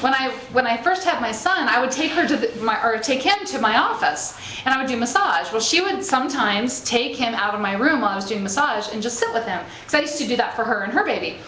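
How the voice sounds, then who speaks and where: A woman's voice: fairly high pitch, lively intonation, fast, hardly any pauses, pushed and bright. A woman giving an inspirational spiritual talk to a live group, conversational and checking in with her listeners as she goes. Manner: conversational, checks in with "okay?" and "right?"; laughs easily while telling stories. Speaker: spiritual speaker. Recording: echoey room with faint ambient noise.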